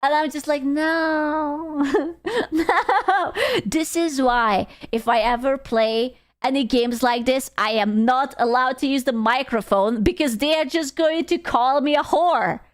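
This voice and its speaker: A woman's voice: sits high, measured pace, few pauses. A young woman streaming, giving blunt, sarcastic and profane reaction commentary on a clip.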